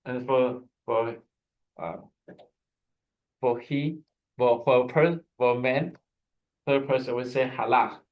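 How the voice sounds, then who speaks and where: A man of average pitch guides students through a language lesson on a video call. He explains slowly and patiently, often stopping to restart a sentence. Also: steady tone, highs cut off. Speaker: Hebrew teacher.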